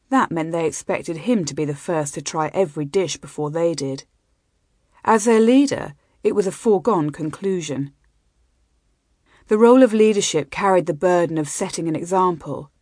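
A woman reading a fantasy novel aloud, with measured and expressive storytelling. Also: fairly low pitch, no room sound, studio quality. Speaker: audiobook narrator. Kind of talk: scripted fantasy narration.

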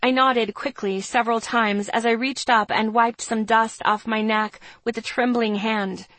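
A woman's voice: a little high, steady tone, a little slow, a bit bright, dry recording. A woman reading a first-person story aloud in a tense, dramatic way. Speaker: narrator. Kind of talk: first-person audiobook narration.

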